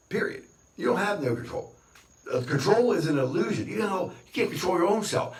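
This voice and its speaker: A man's voice: a little high, wildly swooping pitch, normal speed. A man talking to camera in a rambling, boastful, repetitive rant. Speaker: vlogger. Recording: roomy, distant from the mic.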